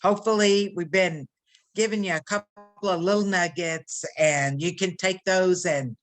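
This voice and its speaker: A guest on a video call, graciously thanking the host. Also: female voice, lowish voice, fairly even intonation, normal speed, faint music behind.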